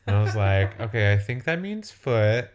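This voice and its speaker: A man's voice: fairly low pitch, very animated, normal speed. Wry, offhand man co-hosting. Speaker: podcast co-host. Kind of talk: casual chat recapping a TV episode.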